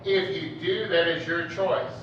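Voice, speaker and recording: A man's voice: on the high side, steady tone, a little slow, crowd noise. A man preacher giving a folksy, joking sermon in a conversational storytelling manner. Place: church hall. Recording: echoey, distant, dull church recording.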